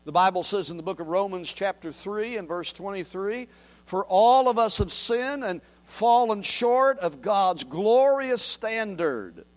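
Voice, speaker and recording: High, lively-voiced preacher. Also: male voice, unhurried. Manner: swings from quiet murmurs to loud raised declarations; reads scripture aloud and asks the congregation to repeat. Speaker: pastor. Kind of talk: sermon.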